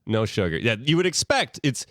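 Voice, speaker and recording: A man's voice: mid-range voice, very animated, a little fast, a bit bright, no echo, clean studio sound. A man co-hosting a podcast, ranting in casual banter and laughing often. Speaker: podcast co-host.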